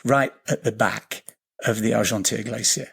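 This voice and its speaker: A man, a podcast guest telling a vivid, swearing story, repeating words and slowing down at tense moments. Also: on the low side, gravelly, a bit bright, breathy edge. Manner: slows down and lifts his voice at tense moments. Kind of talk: animated storytelling in a podcast interview.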